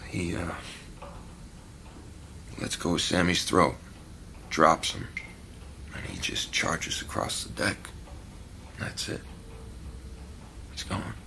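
A gravelly, rattled fisherman. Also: deep voice, sing-song, slow pace, pauses often, pushed and bright, slight background noise, exaggerated voice. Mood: insistent. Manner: rough, agitated storytelling with slang. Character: rough fisherman witness recounting a massacre. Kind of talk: audio drama acting.

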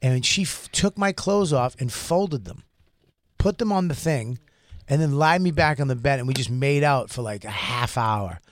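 A man's voice: medium pitch, animated, moderate pace, no room sound, studio quality. A man co-hosting a podcast, telling crude stories in casual chat and acting out the other people's voices. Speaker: podcast co-host.

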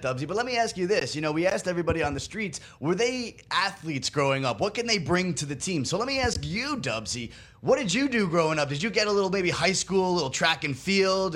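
A man with a high, sing-song, slightly bright voice talks a little fast with hardly any pauses. As producer and host of a sports betting segment, he stays upbeat and walks listeners through his picks step by step.

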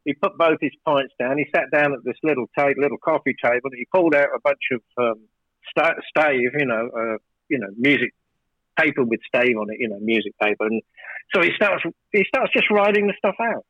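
Speaking briskly at medium pitch, a record producer works through a long, rambling studio tale in a relaxed interview, full of fillers and restarts, growing more emphatic and animated as he goes. The recording is dry, with the highs cut off.

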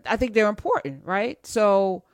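A woman hosting a casual talk show, relaxed and thinking aloud as she speaks. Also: medium pitch, normal speed, no echo, studio quality. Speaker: podcast host.

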